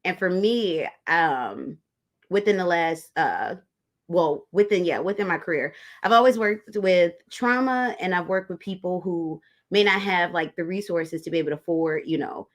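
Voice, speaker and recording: A woman with a fairly low voice hosts a tarot livestream. She chats loosely and warmly with her viewers, calling them y'all and reading their comments aloud. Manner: chatty, talks straight to viewers as y'all, reads comments aloud. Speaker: tarot reader hosting a livestream. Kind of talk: casual livestream chat with viewers.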